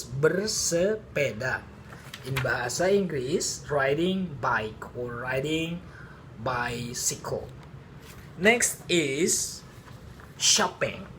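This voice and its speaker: Man teacher with Indonesian accent, unhurried drill voice, lightly raised pitch, faint noise floor. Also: fairly bright tone. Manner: slow, drawn-out model pronunciations, calls on learners to repeat. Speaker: language teacher. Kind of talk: vocabulary lesson with drills.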